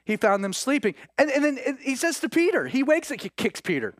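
A man's voice: very high voice, big pitch swings, a little fast, no echo, studio quality. A man preaching a sermon, retelling scripture as a story and acting out the quoted speech with many restarts. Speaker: pastor.

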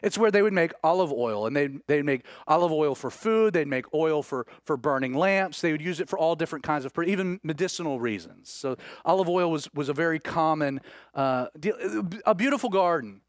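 A man's voice: on the high side, lively intonation, fairly quick, dry recording. A man preaches a sermon. He retells scripture as a story, acting out the quoted speech and restarting his phrases. His voice sounds close and dry. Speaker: pastor.

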